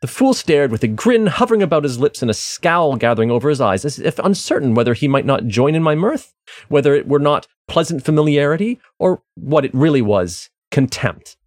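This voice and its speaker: A man's voice: a little high, big pitch swings, a little fast, no room sound, clean studio sound. A man discussing a novel casually and frankly, then reading passages from it aloud. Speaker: discussion participant.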